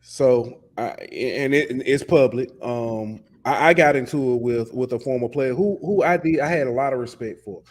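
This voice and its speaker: A man's voice: mid-range voice, normal speed, few pauses, darkish tone, slight background noise. A man co-hosting a sports podcast, ranting passionately in casual talk and often repeating words. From lives in Alabama. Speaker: podcast co-host.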